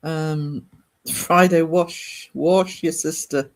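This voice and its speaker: A man's voice: fairly high pitch, normal speed. A man, hosting a casual art livestream and chatting rambly with viewers.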